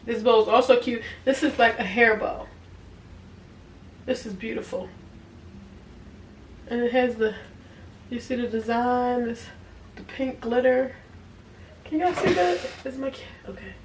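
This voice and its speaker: Casting note: woman, unhurried and chatty, voice set back from the mic in an echoey room. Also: fairly high pitch. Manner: chatty, talks to viewers as y'all, easy laughs. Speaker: vlogger reviewing products. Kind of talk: casual unboxing review. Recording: echoey room, a bit far from the mic, faint noise.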